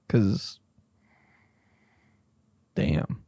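A comedian host riffing in a loose, profane, rambling way, with sudden loud bursts. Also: male voice, medium pitch, animated, measured pace, gravelly, no room sound, highs cut off. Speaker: comedian host reacting to listener stories.

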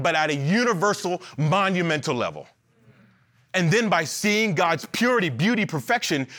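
A man preaching an animated, emphatic sermon to a church, repeating lines and joking between points. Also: high voice. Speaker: pastor.

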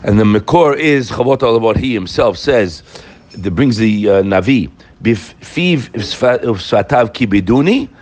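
Animated man giving a Torah lecture. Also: lowish voice, unhurried. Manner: animated, rhetorical questions, quotes Hebrew verses. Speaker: Torah teacher.

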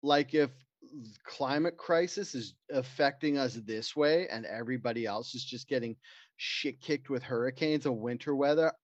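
A man's voice: medium pitch, normal speed, no echo. Joking man, dull dry audio. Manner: crude, joking storyteller who puts on voices. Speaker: podcast co-host. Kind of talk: casual podcast banter.

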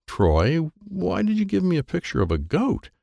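A man's voice: sits high, huge pitch swings, normal speed, creaky, dark tone, dry recording, pitched above the performer's own voice, full character voice. A man reading a children's audiobook, voicing an anxious aunt who keeps firing off worried questions. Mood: puzzled. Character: frantic middle-aged woman, the aunt. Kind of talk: audiobook character voice.

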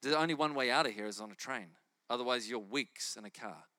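Man, preacher, testimony storytelling, animated, bright forceful voice, dry close sound. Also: medium pitch, fast, dry recording. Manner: animated, laughs while telling stories.

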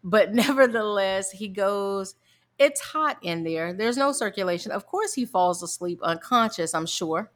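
A woman's voice: mid-range voice, expressive, unhurried. A middle-aged woman, a mother, animatedly telling a funny family story in casual chat and laughing often.

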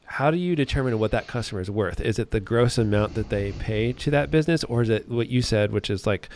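Low-voiced male host, halting, thinks out loud. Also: slight background noise. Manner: thinks aloud, halting restarts. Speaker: podcast co-host. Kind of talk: casual interview questions.

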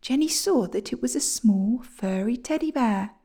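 A woman reading a children's storybook aloud, gentle and often near a whisper. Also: on the high side, lively intonation, normal speed, breathy edge.

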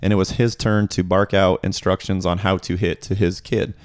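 A man's voice: low-pitched, little pitch movement, normal speed, dry recording, studio quality. A man co-hosting a podcast in casual chat, telling stories in a rambling way. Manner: rambling storyteller, acts out quotes. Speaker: podcast co-host.

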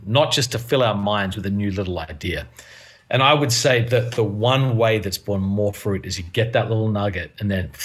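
Earnest pastor, slightly husky. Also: male voice, on the low side. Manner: earnest, animated storytelling with laughs. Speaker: pastor and guest. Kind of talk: casual conversational interview.

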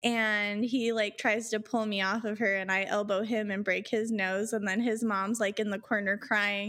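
A woman telling a personal story in casual chat, acting out quotes in higher voices and swearing freely. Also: level tone, moderate pace, few pauses, fairly bright tone.

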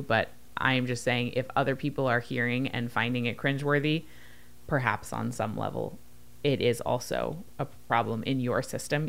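A woman's voice: a bass voice, a bit bright, clean tone. A woman co-hosting a podcast, talking in a casual, earnest and apologetic way. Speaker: podcast co-host.

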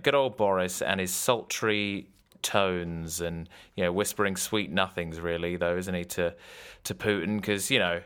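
Deep-voiced man bantering. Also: a bit bright, clear, resonant tone. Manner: jokey, sardonic, riffing on absurd ideas. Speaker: podcast co-host. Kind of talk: casual comedic banter.

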